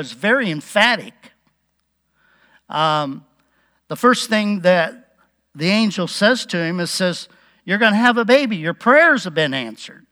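A man preaching a relaxed Bible-teaching sermon, chuckling now and then and acting out the quotes. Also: on the high side.

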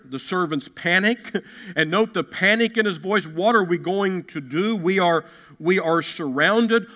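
A man's voice: sits high, bright, forceful tone. A man preaching a sermon as a pastor, emphatic, repeating key phrases and acting out the quotes he reads. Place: church sanctuary. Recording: long hall reverb.

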